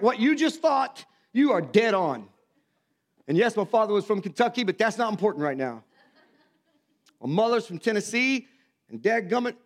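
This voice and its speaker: Folksy high-voiced pastor in his fifties. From Missouri. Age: 50s. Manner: folksy, self-mocking storytelling with acted quotes. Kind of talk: sermon.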